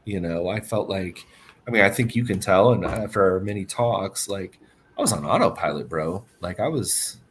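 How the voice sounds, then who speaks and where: A man's voice: low voice, expressive, moderate pace, slight background noise. A man speaking as a podcast guest in casual chat, thinking aloud in a reflective, hesitant way. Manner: reflective and hesitant, many restarts.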